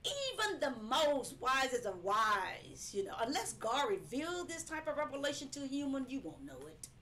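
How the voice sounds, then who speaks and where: Woman preacher, emphatic and repetitive, high and bright, live stream with faint noise. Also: moderate pace. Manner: emphatic, animated, repeats phrases, breaks into laughing cries.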